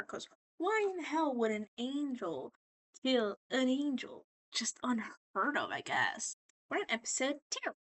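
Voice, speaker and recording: Tipsy woman rambling with a bright, slightly high voice. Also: husky. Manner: chatty and profane, acts out characters' lines in quick bursts. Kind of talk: casual rambling recap while drawing.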